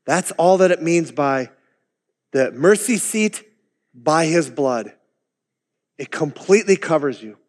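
A man's voice: fairly high pitch, animated, takes it slowly, pauses often, darkish tone, big-room sound. A man preaching a sermon as pastor, in a conversational way, with chuckling asides.

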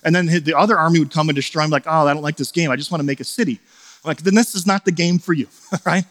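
A man's voice: on the high side, quick pace. Man preaching in a reverberant hall. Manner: storytelling, rising to forceful preaching. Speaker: pastor. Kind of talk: sermon.

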